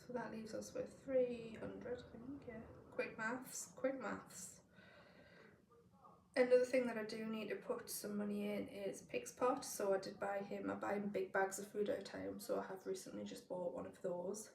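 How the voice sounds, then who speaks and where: Woman from the northeast doing her budget, kinda gravelly, sounds a bit far off in an echoey room. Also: mid-range voice, flat delivery, normal speed, hardly any pauses, darkish tone, slight background noise. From northeast England. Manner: thinking aloud, doing sums as she goes. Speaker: budgeting vlogger. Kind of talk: casual budgeting walkthrough. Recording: roomy, distant from the mic.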